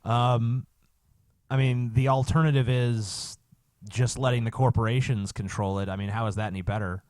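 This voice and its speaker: A man's voice: mid-range voice, fairly even intonation, moderate pace, a little mellow, dry recording. A man co-hosting a podcast in casual banter, profane and sarcastic. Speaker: podcast co-host.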